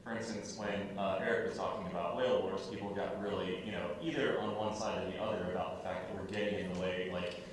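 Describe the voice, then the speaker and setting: Deep-voiced guy on a panel, lots of um and like, far from mic in a big echoey room. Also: steady tone, quick pace, hardly any pauses, slight background noise. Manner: hesitant, many fillers. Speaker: panelist educator. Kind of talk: panel discussion. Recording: distant mic in echoey hall.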